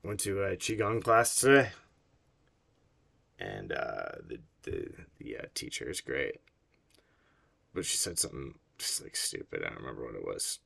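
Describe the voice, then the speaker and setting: A man's voice: extremely low pitch, sing-song, moderate pace, creaky, pauses often, a bit bright, breathy edge. A man reading a book aloud and breaking off into wry, digressive asides, laughing at his own jokes.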